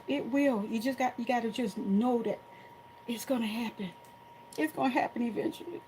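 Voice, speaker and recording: A woman's voice: on the high side, slight background noise, low-quality recording. Chatty middle-aged woman crafting at home. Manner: chatty, animated storytelling to viewers. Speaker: crafting tutorial host. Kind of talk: casual chat while crafting live.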